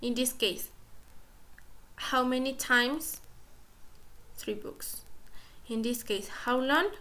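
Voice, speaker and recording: A woman's voice: high voice, bright, forceful tone. A woman whose first language is Spanish, teaching an English grammar lesson to students, explaining step by step and often saying "okay". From Ecuador. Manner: slow, deliberate explaining, repeats "okay" often.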